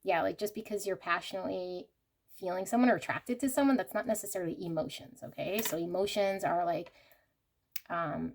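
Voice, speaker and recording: Chatty woman with a gravelly voice. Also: on the low side, darkish tone. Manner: chatty, emotional, many fillers. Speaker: tarot reader. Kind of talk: pick-a-card tarot reading.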